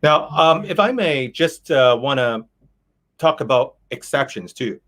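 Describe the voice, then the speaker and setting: A man's voice: mid-range voice, expressive, a little slow, a bit bright. A man hosting an interview, speaking casually and hesitantly, with frequent fillers and restarts. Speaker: host. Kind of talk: interview chat.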